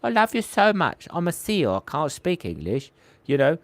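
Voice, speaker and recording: A man's voice: on the high side, wildly swooping pitch, moderate pace, no echo. A doting female cartoon seal with an Australian accent gushes sweet affection in a raised, lilting voice, as a man puts her on. The voice is close and dry, with no room around it. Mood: adoring.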